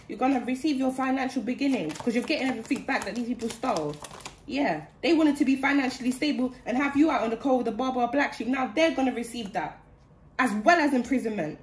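A woman's voice: high-pitched, animated, fast talker, slight background noise. A woman giving a channeled spiritual reading in an indignant, heated way, repeating phrases for emphasis. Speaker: spiritual card reader. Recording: roomy echo.

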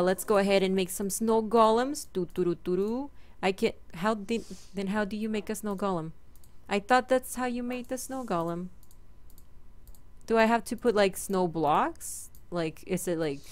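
A woman hosting a gaming channel, chatting casually and playfully through her game and talking to her in-game pets. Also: fairly high pitch. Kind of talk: casual let's-play commentary.

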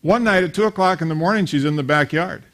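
A man's voice: a little high, quick pace, fairly bright tone. A man in his fifties preaching a sermon, telling stories and acting out the voices of the people in them. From grew up attending a small country church. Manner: storytelling, acts out voices in anecdotes. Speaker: pastor.

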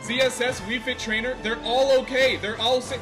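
A man shouting giddy, overexcited exclamations as he reacts live to a video game trailer. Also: very high voice, flat delivery, normal speed, over music. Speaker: reaction streamer.

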